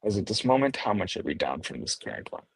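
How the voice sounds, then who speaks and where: A man's voice: fairly low pitch, big pitch swings, fast, vocal fry, slightly rough, dry recording, poor audio. A man co-hosting a casual chat who walks through trading chart analysis step by step.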